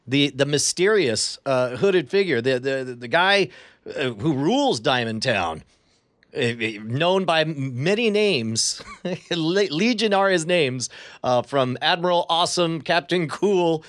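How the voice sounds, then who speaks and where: A man's voice: on the high side, animated, measured pace, fairly bright tone. Laughing man playing a tabletop game. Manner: jokey, laughing, in-character narration. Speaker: player. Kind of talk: tabletop role-play banter.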